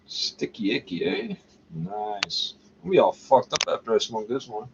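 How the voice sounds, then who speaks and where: A man's voice: fairly low pitch, expressive, measured pace, highs cut off, background noise. A man rambling profanely to camera in a casual monologue, muttering asides and tagging lines with "eh?". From Canada. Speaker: vlogger.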